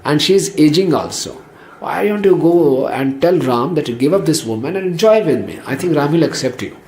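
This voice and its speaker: A man voicing a playful young prince who flatters and teases in a bantering way. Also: on the high side, fairly quick. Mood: teasing. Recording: roomy echo.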